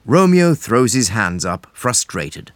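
A man narrating an audio drama in a measured, expressive way. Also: medium pitch, no echo. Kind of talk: scripted narration.

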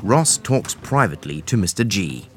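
A man narrating an audio drama in a measured, expressive way. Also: lowish voice, soft background music. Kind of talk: scripted narration.

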